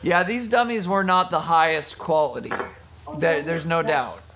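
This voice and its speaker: A man's voice: fairly high pitch, normal speed, background noise. A man teaching a jiu-jitsu class over a video call, teasing students between technique corrections. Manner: joking, teasing coach giving technique corrections. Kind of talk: online class instruction.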